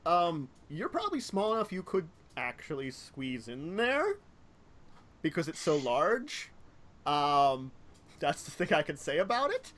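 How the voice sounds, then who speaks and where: Brief: male game master, rambling narration full of fillers, a bit high voice. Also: huge pitch swings, a little slow, fairly bright tone. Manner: rambling, lots of fillers and self-corrections.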